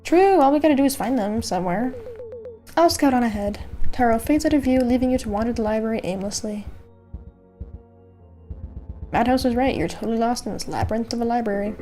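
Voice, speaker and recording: A woman streamer narrating a dating game aloud, slipping in playful, chatty asides. Her voice is mellow and sits a little high, with faint music underneath. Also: expressive, a little fast, long pauses.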